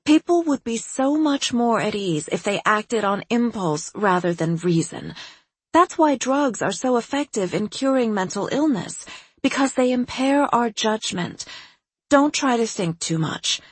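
A woman voicing an eccentric, irresponsible female psychiatrist who makes breezy, pompous pronouncements in a husky voice. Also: fairly high pitch, animated, unhurried, dry recording, pitched above the performer's own voice.

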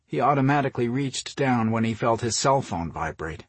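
A man reading a novel aloud in a steady, measured storytelling voice. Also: mid-range voice, breathy edge, no echo. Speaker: audiobook narrator. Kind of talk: scripted narration.

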